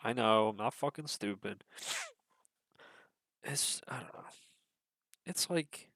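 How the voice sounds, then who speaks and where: A man's voice: fairly low pitch, slow, gravelly, heavy background noise. A young man reacting to a trailer in casual commentary, rambling and swearing with many fillers, his nose stuffy. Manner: rambling, swears a lot, hesitant with many fillers, swings to excited bursts. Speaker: video creator reacting to a trailer.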